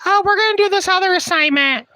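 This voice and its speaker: A woman's voice: very high-pitched, quick pace, sharp tone, no echo, voice pushed up. A man voicing a condescending female schoolteacher who speaks curtly in a raised voice. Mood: instructing. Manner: curt, brushing off.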